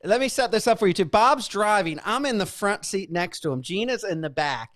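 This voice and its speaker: A man's voice: high voice, expressive, a little fast, fairly bright tone, no room sound, studio quality. A man co-hosting a comedy radio show, talking in a sarcastic, complaining way. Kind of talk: casual comedy radio banter.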